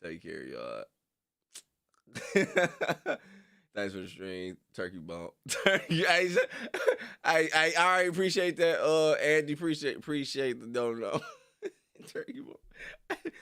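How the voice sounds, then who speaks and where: A young man streaming casually to his viewers: loose, slangy, laughing often and jumping into high squeals. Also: expressive, measured pace, a bit bright, clear, resonant tone. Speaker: streamer reacting to videos. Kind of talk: casual chat with live viewers.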